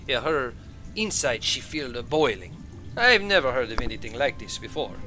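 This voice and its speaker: Guy doing a boastful healer shopkeeper, broken english, lots of "eh", bright tone. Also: mid-range voice, big pitch swings, moderate pace, rough recording. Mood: defensive. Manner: broken English with hesitant "eh" openings. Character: male healer merchant, defensive and boastful.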